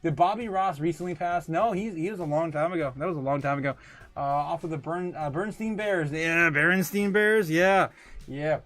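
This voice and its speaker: A man's voice: fairly high pitch, moderate pace, fairly bright tone. A man hosting a crypto livestream, casually reading out viewer comments with lots of laughter and filler words. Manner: laughs often, hesitant with many fillers.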